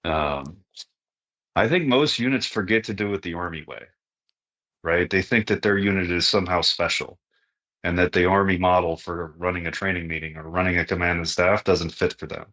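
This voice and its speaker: A man's voice: low voice, moderate pace, pushed and bright. A middle-aged man, a retired army sergeant major, speaking casually as a podcast guest in a plain-spoken way, often tagging sentences with "right?". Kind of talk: casual conversational interview.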